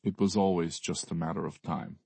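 A man voicing a somber, cordial Russian priest with a Russian accent, who speaks slowly and formally. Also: deep voice, fairly even intonation, gravelly, darkish tone, breathy edge, no room sound, heavily acted. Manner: slow, measured, formal.

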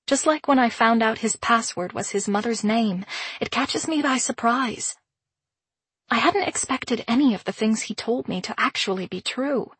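Slightly husky woman reading a story. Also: a little high, a bit bright, dry recording. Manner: measured, introspective reading. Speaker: audiobook narrator. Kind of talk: first-person audiobook narration.

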